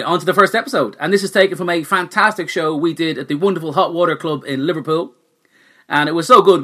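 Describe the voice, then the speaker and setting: A man's voice: on the high side, sharp tone. A man introducing his comedy podcast with wry, self-mocking humour. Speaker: podcast host. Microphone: new studio microphone.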